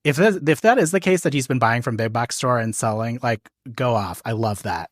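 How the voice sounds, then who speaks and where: A podcast host muses aloud in easy conversation, restarting phrases and breaking into laughs. The voice sits at a middle pitch in a dry, close recording. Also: expressive, moderate pace, few pauses, no room sound. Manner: hesitant, laughs often. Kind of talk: casual chat.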